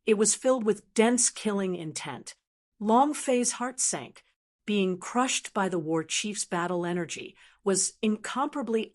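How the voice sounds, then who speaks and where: Woman audiobook narrator, steady, mid-range pitch. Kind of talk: scripted narration.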